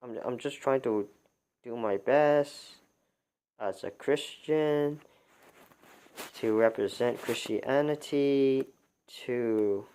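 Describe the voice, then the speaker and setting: A man talking off the cuff on a livestream, starting sentences over and repeating words as he goes. His voice sits at an ordinary middle pitch for a man. He sounds exasperated and keeps firing rhetorical questions. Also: darkish tone, smooth. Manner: halting, many restarts and repeated words. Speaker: livestream commentator. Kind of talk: unscripted livestream commentary.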